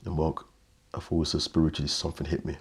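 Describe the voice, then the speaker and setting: A man, telling a painful personal story as an interview guest, halting and repeating words, often quiet and subdued. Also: rumbling low, monotone, slightly rough.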